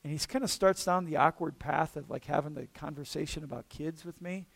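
A man preaching a conversational sermon as pastor, often checking in with listeners with a quick "okay?" or "all right?". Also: on the high side, gravelly. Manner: casual, checks in with the room with frequent "okay?".

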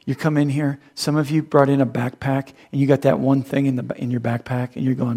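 Animated man preaching a sermon. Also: mid-range voice, fairly quick, few pauses. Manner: animated and humorous, swings from loud to hushed. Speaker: pastor.

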